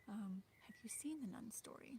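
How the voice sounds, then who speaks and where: A woman's voice: a little high, lively intonation, normal speed, warm tone, in a whisper. Hesitant woman chatting on a livestream. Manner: hesitant, rambling, many fillers and little laughs. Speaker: livestream host. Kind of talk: casual livestream chat. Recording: birdsong in the background. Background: birdsong.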